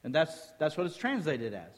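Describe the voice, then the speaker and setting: Male preacher, high-pitched, lively teaching delivery with rhetorical questions, church hall echo. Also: a little fast. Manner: lively teaching tone, quizzes the listeners with rhetorical questions, jokes in between. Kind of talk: sermon. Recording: long hall reverb.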